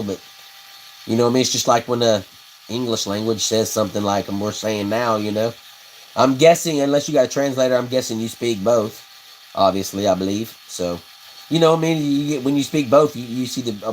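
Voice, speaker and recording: Building custom fishing rods on a livestream, this man chats casually, reads out viewer comments and chuckles at his own folksy, rambling stories. His voice is mid-range, with slight background noise on poor-quality audio.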